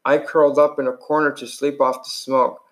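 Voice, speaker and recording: A man reading a first-person novel aloud, his pitch sitting right in the middle for a man. His delivery is unpolished, with slips and restarts, like an amateur reading at home. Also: flat delivery, normal speed. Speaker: reader.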